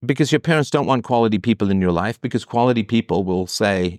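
A man's voice: lowish voice, expressive, fast talker, no echo, clean studio sound. A man hosting an advice show, answering a listener's letter in a blunt, sarcastic, profane monologue.

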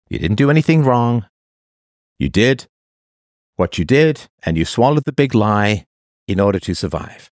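A man's voice: medium pitch, no room sound, clean studio sound. A man hosting a call-in advice show, talking in an impassioned way and stacking emphatic lists.

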